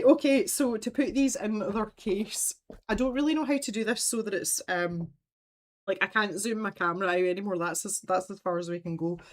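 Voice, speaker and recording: A woman with a Scottish accent chats casually while hosting a livestream from her home. Her talk rambles from one thought to the next, and she laughs easily. Her voice sits at a middle pitch for a woman, picked up by the camera's mic. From Scotland. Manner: chatty and rambling, laughs often. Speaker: livestream host.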